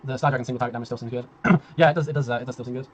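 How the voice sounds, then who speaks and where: A man casting a strategy game tournament on a live stream, chatty and laughing, with a tiring voice that he keeps clearing. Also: medium pitch, steady tone, very fast, highs cut off. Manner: chatty, laughing, rambling, swears, reads chat aloud. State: voice tiring, clearing throat often. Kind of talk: casual live-stream commentary.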